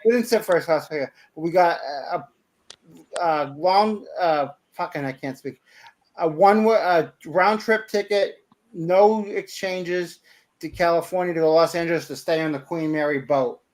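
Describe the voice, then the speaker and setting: A man's voice: on the high side, a little slow, a little mellow. A man hosting a podcast, telling a casual anecdote animatedly, with stumbles. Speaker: podcast host. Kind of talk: casual storytelling.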